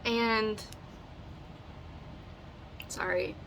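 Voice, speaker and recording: A woman's voice: on the high side, fairly even intonation, drawn-out words, a bit bright, a little hiss or hum. A middle-aged woman telling her own story, earnest and emotional, holding back tears as she halts and restarts. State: tearful, holding back crying. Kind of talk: personal storytelling to camera.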